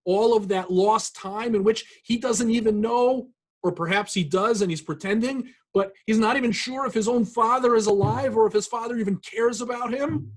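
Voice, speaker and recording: A rabbi giving an earnest, reflective sermon, pausing often with fillers and restarts. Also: male voice, high-pitched. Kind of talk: sermon with scripture reading.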